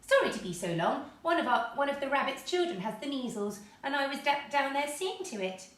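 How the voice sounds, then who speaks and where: A woman's voice: sits high, animated, brisk, a bit bright, voice pushed up. Woman doing a fussy old brownie man. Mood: apologetic. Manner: fussy, easily frightened. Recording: echoey room, mic at a distance.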